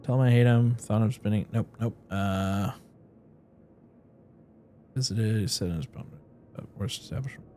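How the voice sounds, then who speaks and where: A man streams a game, chatting casually as he plays, thinking aloud in an animated way and reading in-game notes out loud. His voice is lowish at normal speed, with long pauses and slight background noise.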